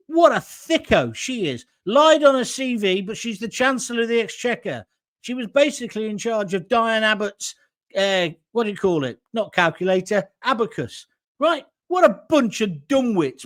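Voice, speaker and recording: A man hosting an opinionated livestream, reading out viewer comments and answering them in a blunt, scornful, mocking way. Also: high-pitched.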